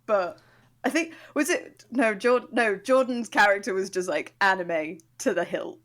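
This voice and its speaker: A woman co-hosting a podcast, chatting casually in an excitable way. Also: medium pitch, measured pace. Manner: excitable, laughing, reactive. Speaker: podcast co-host.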